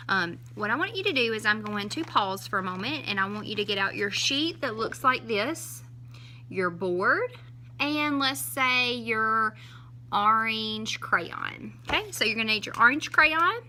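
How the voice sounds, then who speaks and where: A woman teacher, her voice very bright and rather high. She talks young children through a class in a slow, sing-song way and draws each syllable out. A faint hiss sits under her voice. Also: expressive.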